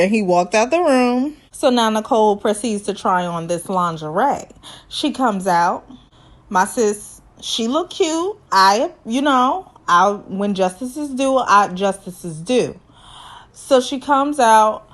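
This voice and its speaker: A woman's voice: mid-range voice, unhurried. Sassy woman in her twenties recapping. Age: 20s. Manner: sassy, animated storytelling with impressions and laughter. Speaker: reality TV recap host. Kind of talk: casual recap commentary.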